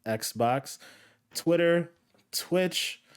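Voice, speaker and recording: A man hosting a gaming podcast in casual chat, relaxed and rambling with filler words. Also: a little high, drawn-out words, clear, resonant tone. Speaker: podcast host.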